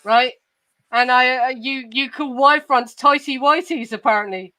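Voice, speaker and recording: A woman's voice: high-pitched, measured pace, bright, forceful tone, no room sound, low-quality recording. Estuary english woman rambling on a chat show, swears a lot, lots of restarts, dry close sound. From southern England. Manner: chatty, swears freely, trips over restarts. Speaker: podcast host. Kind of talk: casual chat.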